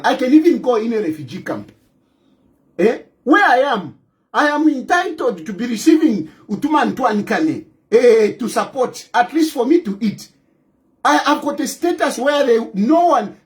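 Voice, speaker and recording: A Zambian man giving an impassioned political monologue to camera, forceful and repetitive, hammering his points again and again and breaking into scornful laughs. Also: very high-pitched. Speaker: political commentator.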